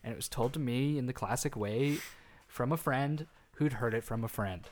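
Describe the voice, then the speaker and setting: A man's voice: mid-range voice, normal speed, a little mellow. A man casually telling an urban legend on a podcast, rambling with restarts. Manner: rambling, frequent restarts and fillers. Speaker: podcast co-host telling a story. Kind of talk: casual storytelling chat.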